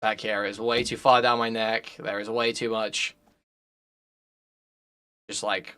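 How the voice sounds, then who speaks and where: A man's voice: on the low side, level tone, slow, bright, forceful tone, smooth. A young man commenting casually on a live stream, blunt and profane, rambling to his chat.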